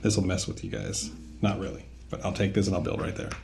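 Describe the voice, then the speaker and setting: An animated young man hosts a casual board game podcast. His pitch moves around a lot as he explains the rules, and he teases the other players with quick laughs. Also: vocal fry, heavy background noise. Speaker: podcast host.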